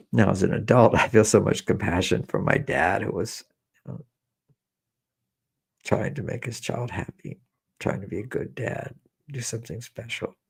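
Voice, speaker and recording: A man with a low, gravelly, husky voice leads a guided meditation. He talks slowly and repeats himself, gently coaxing listeners toward their feelings and weaving in memories of his own. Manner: slow, repetitive, gently coaxing with personal memories. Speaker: meditation teacher.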